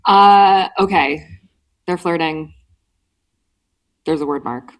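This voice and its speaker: A woman's voice: low-pitched, slow. A woman hosting a book club podcast, casually summarizing chapters with lots of "um" and "like". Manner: summarizes chapters with filler "um" and "like", chatty. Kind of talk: casual book recap chat.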